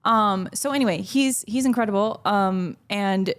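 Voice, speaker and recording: A woman's voice: mid-range voice, measured pace, clean tone. A woman from Miami, a podcast guest, telling childhood stories in casual chat, acting out quotes and laughing often. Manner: animated storyteller, acts out quotes, laughs often.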